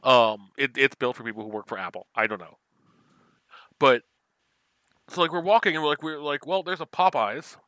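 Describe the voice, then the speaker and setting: A man's voice: medium pitch, expressive, moderate pace, pauses often, sharp tone, no room sound. A man from the American West Coast co-hosting a podcast, chatting animatedly with casual swearing and rambling asides. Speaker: podcast co-host. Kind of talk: casual chat.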